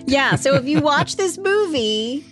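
A woman's voice: high-pitched, music in the background. A woman co-hosting a casual true-crime podcast, reacting with gasps and laughter. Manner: lively, reactive, quick to laugh and gasp. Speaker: podcast co-host.

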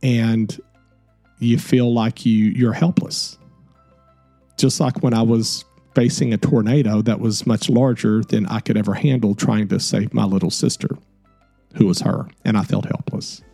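A middle-aged man hosts his own show and shares a personal story in a soft-spoken, earnest, reflective way. His voice is dark and mellow with a gravelly edge. Quiet music plays faintly behind him. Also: fairly low pitch, steady tone, measured pace, dry recording. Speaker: podcast host.

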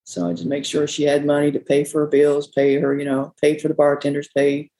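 A woman's voice: low voice, fairly quick, mellow, rough recording. A woman who owns a bar, telling stories in a rambling, folksy way and often quoting people. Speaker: bar owner. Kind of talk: casual storytelling interview.

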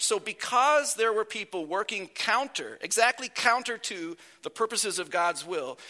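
A man preaching a sermon as pastor, speaking slowly and deliberately and letting phrases fall soft at their ends. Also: sits high.

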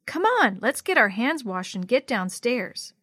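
A woman voicing a kind, thoughtful older sister in a storybook, explaining things gently and patiently. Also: on the high side, very animated, unhurried, no echo, clean studio sound, heavily acted.

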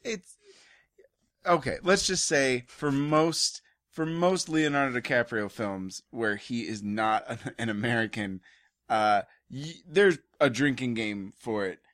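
A man co-hosting a podcast, talking in a relaxed, rambling way. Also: mid-range voice, measured pace. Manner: easygoing, rambling, laughs along. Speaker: podcast co-host. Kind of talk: casual chat. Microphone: podcast microphone.

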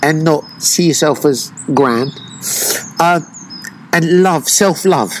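A man who teaches breathwork retreats, talking slowly and reflectively in an interview, with many pauses and fillers. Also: a little high, a little hiss or hum, poor audio.

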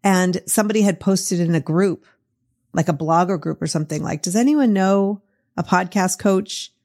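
A woman's voice: lowish voice, moderate pace, a little mellow. A middle-aged woman with a Boston accent hosting a podcast, chatting in a casual, encouraging way and laughing easily. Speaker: podcast host. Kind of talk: casual interview chat.

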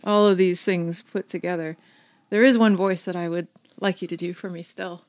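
A woman's voice: fairly low pitch, steady tone, moderate pace, a little mellow, no room sound. A woman hosting a casual interview, encouraging and appreciative toward her guest. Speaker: podcast host. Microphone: close podcast microphone.

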